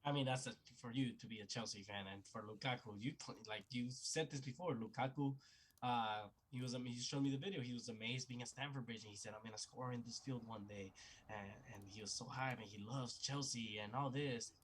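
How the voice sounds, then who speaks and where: A man's voice: medium pitch, brisk, husky. A man, co-hosting a soccer podcast in casual, teasing banter. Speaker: podcast co-host. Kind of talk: casual sports chat.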